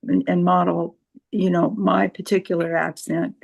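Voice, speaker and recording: A woman's voice: fairly low pitch, level tone, normal speed, gravelly, a little mellow, slightly rough, poor audio. A woman with a Californian accent, speaking as a volunteer tutor in a casual group discussion on a video call, hesitant, with many fillers and restarts.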